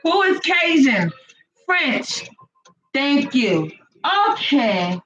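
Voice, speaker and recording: Woman cohost on a live reading stream, slangy and animated, muffled lo-fi audio. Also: on the high side, a little slow, slight background noise. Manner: animated, laughing, slangy banter. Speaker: co-host and spiritual reader. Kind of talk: casual live-stream chat. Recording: dull lo-fi livestream audio.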